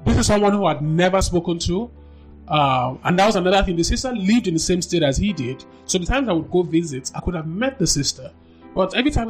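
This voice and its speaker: A podcast guest, a woman, tells her personal story quickly and candidly, stressing words with energy and repeating herself. She acts out what she once said with a sharp lift in her voice, over faint, low music.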